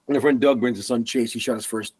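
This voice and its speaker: A man on a podcast telling an animated hunting story, acting out the lines of the people in it. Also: mid-range voice, husky. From Massachusetts. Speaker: podcast guest.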